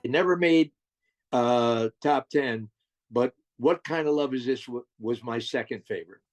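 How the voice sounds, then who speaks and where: A man's voice: mid-range voice, measured pace, loud music behind the voice. An older man from New Jersey, a guest musician telling stories in a casual interview, eager and often restarting his sentences with stammers.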